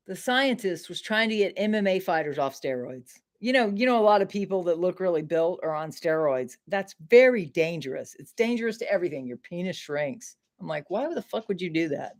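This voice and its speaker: A woman's voice: mid-range voice, expressive, moderate pace. A middle-aged woman from Maine hosting a casual livestream from her home, chatting to viewers and swearing freely when frustrated. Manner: frustrated and swearing, talks straight to chat. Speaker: livestream host.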